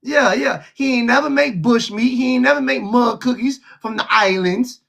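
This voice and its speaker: A man hosting a live call-in show, mocking and loud, laughing between trash talk. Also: extremely high pitch, moderate pace, vocal fry.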